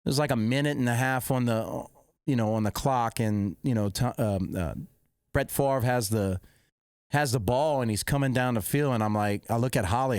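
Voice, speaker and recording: A middle-aged podcast host excitedly recounts a football game in casual storytelling, rambling and correcting himself along the way. His medium-pitched voice is clear and resonant at a moderate pace, recorded dry with clean studio sound.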